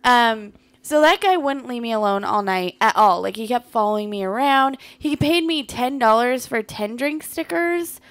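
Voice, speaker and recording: A woman comedian co-hosting a podcast, telling a story in casual chat, animated, blunt and profane. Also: a little high, normal speed, few pauses.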